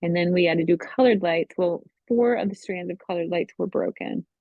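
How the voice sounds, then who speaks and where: A middle-aged woman sharing a personal faith testimony at a Bible study, speaking in an emotional, halting way full of "you know". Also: on the low side, dry recording. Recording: tinny phone-line sound, dry.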